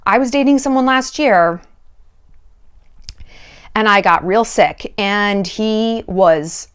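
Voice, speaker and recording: A woman giving dating advice in a casual commentary vlog, animated and sarcastic, swearing freely and acting out quoted voices. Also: medium pitch, slow, pauses often, clear, resonant tone.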